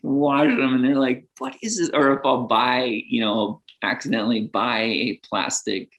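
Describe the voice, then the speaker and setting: Middle-aged man, podcast guest, earnest and rambling, quick to laugh. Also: mid-range voice, little pitch movement, fairly bright tone, lo-fi sound. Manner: rambling, earnest, lots of fillers; laughs often while talking. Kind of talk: casual podcast conversation.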